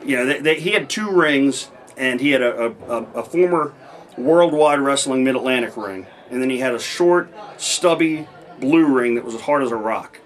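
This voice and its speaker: A man's voice: medium pitch, expressive, normal speed. Rambling man telling wrestling stories. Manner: rambling, many restarts, acts out quoted dialogue. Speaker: interview guest, former pro wrestler. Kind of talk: casual storytelling interview.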